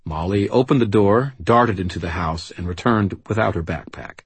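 A man's voice: on the low side, moderate pace, slightly rough, no room sound. A man giving dry, wry first-person narration for an audiobook.

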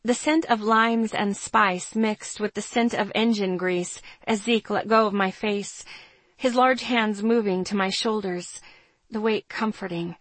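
A woman's voice: mid-range voice, fairly even intonation, a little slow, no room sound. Woman narrating a tense audiobook. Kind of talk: first-person audiobook narration.

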